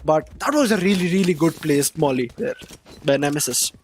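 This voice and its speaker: High-voiced excitable male esports caster. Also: moderate pace, slight background noise. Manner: excitable, rises sharply on big plays. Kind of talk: play-by-play commentary.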